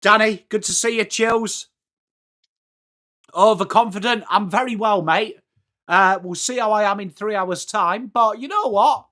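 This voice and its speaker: Bright, upbeat English man hosting live. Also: sits high, measured pace. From England. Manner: chatty, upbeat, greeting viewers by name. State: voice starting to go hoarse. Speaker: livestream watchalong host. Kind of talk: live chat reacting to football.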